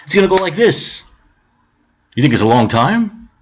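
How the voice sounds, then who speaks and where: A man's voice: a little high, very animated, normal speed, slight background noise. A man ranting on a live stream about politics, heated, sarcastic and profane, repeating his points.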